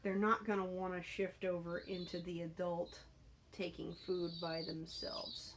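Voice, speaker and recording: A woman talking casually while training a young pigeon, calm and explanatory, breaking into high cooing baby talk at the bird. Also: measured pace, slight background noise.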